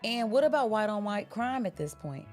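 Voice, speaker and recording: A woman's voice: medium pitch, expressive, normal speed, faint music behind. A woman co-hosting a podcast in casual chat, talking bluntly and emphatically and swearing freely. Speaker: podcast co-host.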